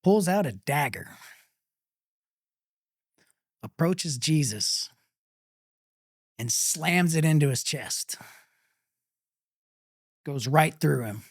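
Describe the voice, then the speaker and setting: A middle-aged man from Texas, a pit master guest, telling a personal story in an interview, halting and full of pauses and fillers. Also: on the high side, animated, no echo, clean studio sound.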